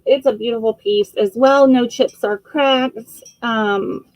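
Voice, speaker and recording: Unhurried, dry-sounding woman auction host. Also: a little high, fairly even intonation, a little mellow, no echo, rough recording. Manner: chatty and friendly, describing items with frequent fillers and self-corrections. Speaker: host of a live online vintage auction. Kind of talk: casual live-stream selling.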